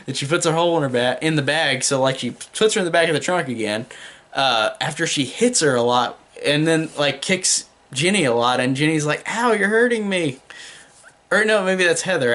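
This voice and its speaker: A man's voice: fairly high pitch, fairly bright tone. A young man giving a casual spoken film review, rambling with many fillers and restarts.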